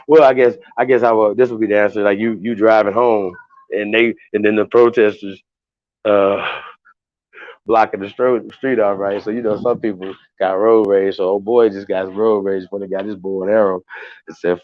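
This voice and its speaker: A man hosts a livestream, speaking casually to viewers in a low voice. He rambles and swears heavily, restarting often as he gets heated. The sound is dry and dull, with a lo-fi quality. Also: steady tone, normal speed, no echo. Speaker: livestream host.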